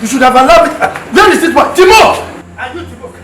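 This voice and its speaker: Menacing Nigerian dad, hot temper, echoey distant film audio with music. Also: male voice, very high-pitched, very animated, quick pace. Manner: threatening, blustering. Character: menacing rich father, violent temper. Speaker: angry father.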